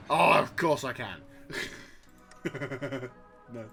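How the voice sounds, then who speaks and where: A man casually commenting on a strategy game, rambling and excitable, swearing freely and chuckling at his own jokes. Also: medium pitch, extremely slow, gravelly, pauses often, faint music behind. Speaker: gaming channel host.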